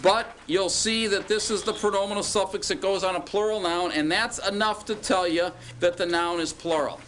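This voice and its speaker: A man's voice: sits high, fairly even intonation, normal speed, a bit bright, slight background noise. A man teaching a classroom lecture, patiently asking students questions and drawing out words as he explains.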